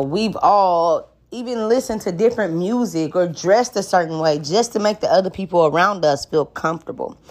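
A woman hosting her own podcast, chatting frankly and joking with plenty of swearing. Her voice sits on the lower side. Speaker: podcast host. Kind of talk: casual solo podcast talk.

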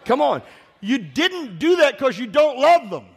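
A man preaching a sermon in a church, impassioned and swelling into shouts, putting direct questions to the congregation. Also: extremely high pitch, very animated, a little slow, slightly rough. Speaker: pastor.

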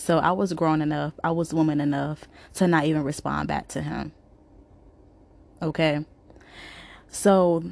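A young adult woman vlogger, telling a story to her viewers in a casual, emphatic way that repeats itself for effect. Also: low-pitched. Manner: animated, repetitive, emphatic.

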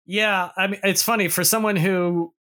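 A man's voice: sits high, steady tone, moderate pace, pushed and bright. A man from Boston with no local accent, co-hosting a podcast in casual, rambling chat with some swearing. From Boston, USA. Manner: rambling, profane, full of restarts. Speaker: podcast co-host.

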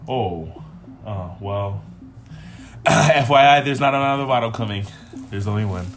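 A man's voice: lowish voice, unhurried, soft background music. A young man co-hosting a podcast in casual chat, playful and teasing, with a slangy way of talking. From South Side. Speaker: podcast co-host.

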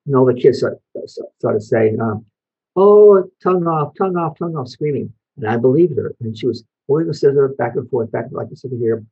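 A man's voice: mid-range voice, husky, narrow, tinny audio. An older man from Belgium, a Holocaust survivor, telling his life story to an audience and asking them questions. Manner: storytelling, asks the audience questions, short pauses. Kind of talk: personal testimony talk to an audience, showing photos.

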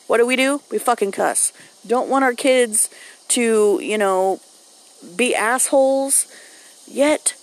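Blunt, foul-mouthed mom. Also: female voice, fairly high pitch, rough recording. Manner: blunt, profane, storytelling. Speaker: mom vlogger. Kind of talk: casual monologue to camera.

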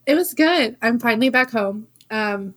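A woman co-hosting a podcast, excitedly and chattily recounting her week. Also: a little high, moderate pace, a crowd in the background. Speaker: podcast co-host. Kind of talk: casual chat.

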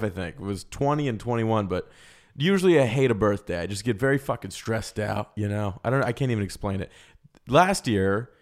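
A young man hosting a comedy podcast, talking in a loud, crude, joking way. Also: lowish voice. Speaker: podcast host. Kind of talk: casual comedy podcast chat.

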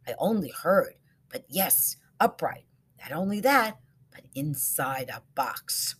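A woman's voice: big pitch swings, slow pace, slightly rough, exaggerated voice. A woman voicing Bella, a startled 55-year-old woman who hears ghostly voices at night, speaking in an urgent, breathless way. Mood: uneasy. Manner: breathless, urgent, rising pitch.

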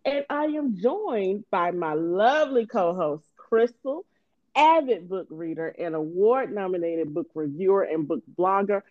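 A woman's voice: medium pitch, no room sound. Female podcast host, giggly and chatty, dry dull recording. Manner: bubbly, laughs often, talks fast when excited. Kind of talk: casual book podcast chat.

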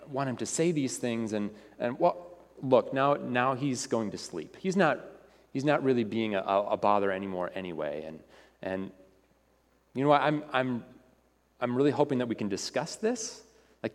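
A man's voice: medium pitch, close to an everyday voice. A man doing a flustered wispy ghost-man. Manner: pleading, flustered, stammering excuses. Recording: reverberant hall.

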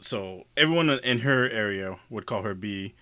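A man tells a rambling, easygoing story in a bright, forward voice. He chats casually with his co-host. The sound is dry and close. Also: on the low side, lively intonation, moderate pace, clean tone, no echo. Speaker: podcast co-host.

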